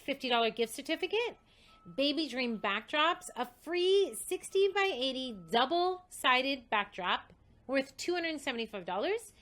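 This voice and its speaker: A woman host excitedly reading out a list of prizes, coughing and short of breath. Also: high voice. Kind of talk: casual livestream announcement.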